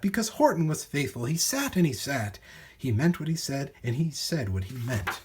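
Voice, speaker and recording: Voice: mid-range voice, very animated, moderate pace, a little mellow, husky. A storyteller reading a rhyming children's picture book aloud in a sing-song manner.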